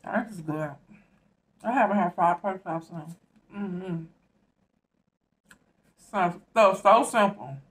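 A woman's voice: fairly low pitch, slow pace, pauses often. A woman from the Southern US with a Southern accent, hosting an eating show and chatting casually between bites. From Southern United States. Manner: relaxed and chatty, talks between bites, says "y'all" often. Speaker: mukbang host.

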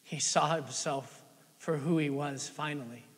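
A man preaching a sermon as pastor, shifting between loud, emphatic lines and hushed, near-whispered ones, with lots of rhetorical questions to the congregation. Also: fairly high pitch, a little slow, husky. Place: church sanctuary. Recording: long church-hall reverb.

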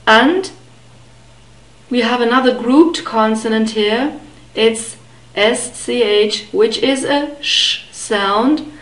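Very slow-speaking woman teaching pronunciation. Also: on the high side, echoey room, poor audio. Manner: carefully modeling sounds, repeating words slowly. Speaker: language teacher. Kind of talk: slow, deliberate pronunciation lesson.

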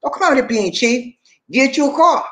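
Man, casual vlogger, slangy and playful, very lively pitch. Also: moderate pace. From USA. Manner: loose, joking, streetwise slang, laughs often. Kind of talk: casual advice monologue.

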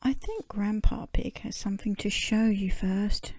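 A woman voicing an old grandmother pig, soft and welcoming, in a breathy whispered role-play from a storybook. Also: medium pitch, measured pace, no room sound, natural voice.

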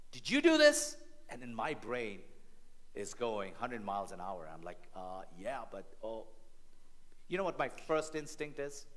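A male pastor delivering a sermon in a church with an animated, rhetorical manner. His voice sits at an ordinary middle pitch and moves through a wide, lively range. He keeps checking in with his listeners as he goes. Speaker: family pastor.

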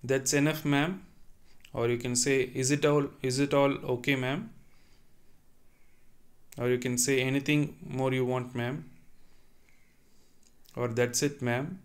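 A man's voice: mid-range voice, steady tone. A man teaching a French lesson, reading sentences and then translating and repeating them patiently. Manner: slow and deliberate, repeats and explains each line. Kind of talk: online language lesson.

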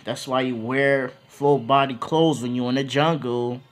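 A man's voice: mid-range voice, steady tone, measured pace, close to an everyday voice. A man doing a firm, scolding doctor. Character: stern ship's doctor.

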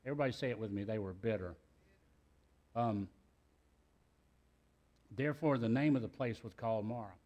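A man's voice: medium pitch, a little fast, pauses often, a little mellow. A middle-aged man, preaching a sermon in a church in a folksy, talkative way with joking asides. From South Carolina, US. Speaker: pastor. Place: church sanctuary.

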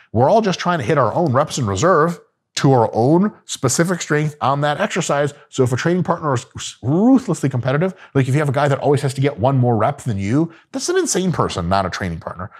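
A man's voice: fairly high pitch, darkish tone, breathy edge. A man giving casual, profane, joking coaching talk about gym training. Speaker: fitness coach.

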